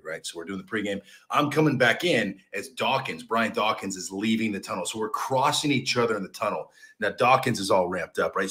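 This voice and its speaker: A man who played as a football long snapper, telling a casual story and often checking in with "right?". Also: on the low side. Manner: animated, chatty, says "right?" a lot.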